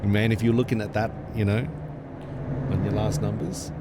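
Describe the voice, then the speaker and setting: A man's voice: lowish voice, fairly even intonation, moderate pace, very noisy. A young man chatting casually on a live gaming stream, laughing often as he plays. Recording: game music playing behind.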